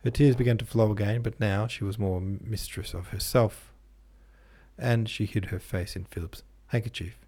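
A man narrating a classic novel as an audiobook host, in a measured, even storytelling manner. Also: on the low side, slightly rough. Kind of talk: scripted literary narration.

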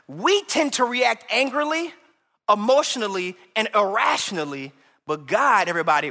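A man preaching a sermon as associate pastor, animated and humorous, calling out to the congregation. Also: sits high, big-room sound.

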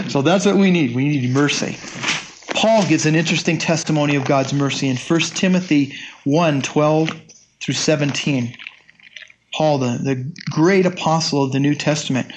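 A man's voice: medium pitch, normal speed, a little hiss or hum. A man in his sixties preaching a sermon in a conversational, folksy way, with frequent restarts and asides. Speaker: pastor.

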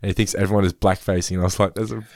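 Podcast host: low, animated, fast, casual review chat. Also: male voice, no room sound. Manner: rapid recapping, swearing, laughing asides.

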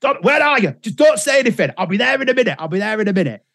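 A man's voice: high voice, sing-song, very fast, vocal fry, fairly bright tone, no room sound, studio quality, pitched above the performer's own voice, exaggerated voice. A man acting out an angry, rattled young husband on the phone. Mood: alarmed. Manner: urgent, rattled.

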